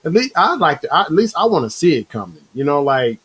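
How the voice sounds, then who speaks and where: A man hosting a casual motivational talk show, rambling and animated, acting out inner voices, with a slight cough. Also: fairly high pitch, quick pace, husky, poor audio. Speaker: show host.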